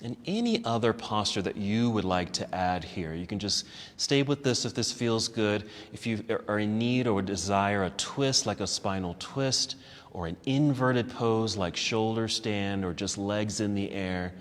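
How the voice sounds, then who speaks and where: A man teaching a yoga class, calmly cueing poses step by step and easing toward relaxation, a little out of breath. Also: lowish voice, unhurried, big-room sound. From United States. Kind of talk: guided yoga class instruction. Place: yoga studio.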